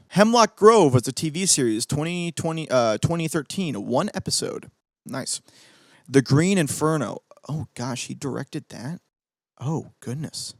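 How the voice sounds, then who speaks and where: A young man hosting a podcast, ranting excitably about movies with swearing and gloating. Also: fairly high pitch, a little slow, dry recording, clean studio sound. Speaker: podcast host. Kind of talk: casual ranting commentary.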